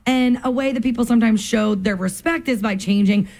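A woman's voice: a little high, brisk, darkish tone. A woman co-hosting a morning radio show, chatty and laughing often. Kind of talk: casual morning radio banter. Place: radio studio.

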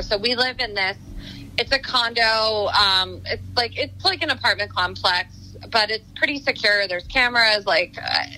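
A woman's voice: medium pitch, pushed and bright, a little hiss or hum, low-quality recording. A woman chatting casually on a video call, laughing often and acting out what people said. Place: her condo.

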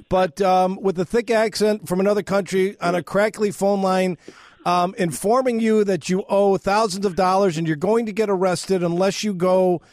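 Animated radio host. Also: male voice, sits high, dry recording, clean studio sound. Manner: animated storyteller, acts out both sides of calls. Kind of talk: radio interview.

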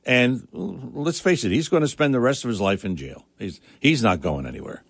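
Middle-aged male talk radio host, indignant and repetitive, lively pitch, bone-dry studio mic. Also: normal speed, no room sound. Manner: emphatic, repetitive, indignant, with frequent restarts. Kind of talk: political talk radio monologue.

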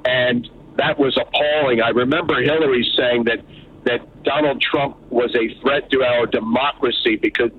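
A man calling in to a talk radio show, chatty and halting. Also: mid-range voice, steady tone. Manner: chatty, hesitant restarts. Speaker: caller. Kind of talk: phone-in call. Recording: tinny phone line with faint hiss.

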